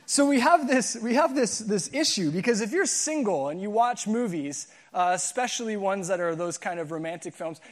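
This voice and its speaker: A man with a high, light voice preaches in a loose, conversational way. He jokes and wanders into asides as he leads his congregation through the passage. His delivery stays chatty and unpolished. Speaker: pastor. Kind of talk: sermon. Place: church auditorium.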